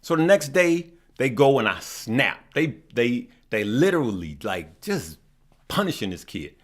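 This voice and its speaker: A man's voice: medium pitch, sing-song, measured pace. Preachy middle-aged man. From West Side of Chicago. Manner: preachy, repetitive, folksy storytelling. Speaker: stock market channel host. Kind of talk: impassioned livestream talk.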